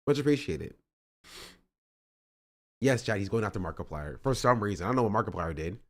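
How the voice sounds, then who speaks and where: A man with a low voice chats casually through a live stream, rambling between topics and thanking his subscribers. His delivery is loose and conversational, addressed straight to his viewers. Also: lively intonation, a little fast.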